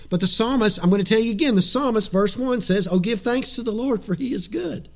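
Pastor, man, higher-pitched, lively preaching with acted-out quotes. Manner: animated preaching with quoted asides and chuckles. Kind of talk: sermon.

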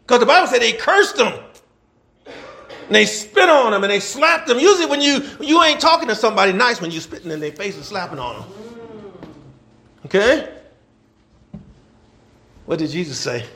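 A middle-aged man with a very high voice and vocal fry preaches a folksy, animated sermon. He fires rhetorical questions at the congregation, uses call and response, and laughs between points.

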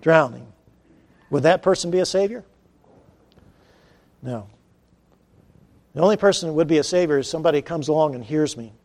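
Male preacher, fairly high voice, animated storyteller who shouts the key moments. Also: moderate pace, pauses often. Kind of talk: sermon.

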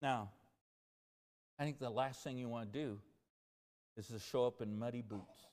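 A male pastor delivers an earnest, animated sermon, his voice climbing and falling as he makes each point. His words ring out with a long reverb tail in a church sanctuary. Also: medium pitch, normal speed. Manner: earnest, animated preaching that rises and drops.

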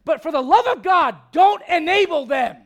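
High-voiced, fiery male pastor preaching. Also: animated, normal speed. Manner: impassioned, swinging from loud outbursts to hushed intensity; blunt and confrontational. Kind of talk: sermon.

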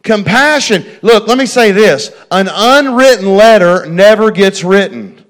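A man's voice: high voice, lively intonation, unhurried. A middle-aged man preaching a folksy sermon, repeating phrases and talking straight to his congregation. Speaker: pastor.

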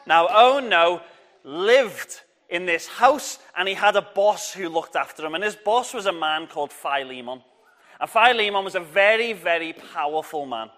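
A man telling a Bible story to children at church, lively and encouraging, getting the audience to shout along. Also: high voice, moderate pace. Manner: lively, encouraging, draws the crowd in.

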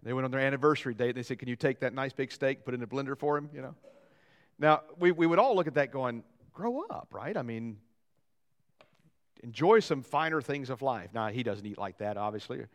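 A man preaching a sermon as pastor, lively and joking, acting out quotes and asides. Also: medium pitch, a little fast. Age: young adult or middle-aged, father of young boys.

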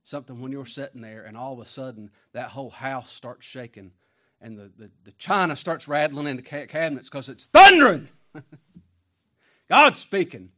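A man preaching a sermon in a folksy, conversational way. He swings from quiet asides to booming emphasis, reads scripture slowly and weightily, and chuckles between points.

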